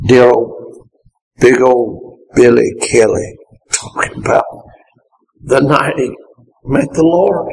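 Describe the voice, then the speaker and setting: An older man preaching a sermon, an impassioned delivery that climbs to shouts and then drops low. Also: slow pace, creaky, pauses often, low-quality recording.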